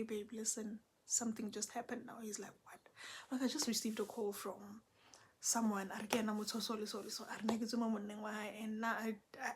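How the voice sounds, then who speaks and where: A young South African woman, a Setswana speaker, telling a story in a casual, animated way with lots of code-switching. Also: on the high side, husky.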